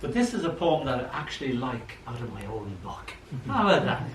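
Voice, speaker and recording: An older man reading his poems at an open mic, chatty and animated, acting out the voices in his stories. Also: medium pitch, fairly quick. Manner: chatty, animated storyteller who acts out quotes. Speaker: poet. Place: old library room. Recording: echoey room, mic far off, faint hum.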